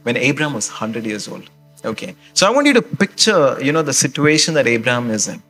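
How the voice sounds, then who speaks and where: A man's voice: mid-range voice, big pitch swings, brisk, a bit bright, faint music behind. A male pastor preaching a sermon in a conversational way, often checking in with the congregation with questions and "okay?".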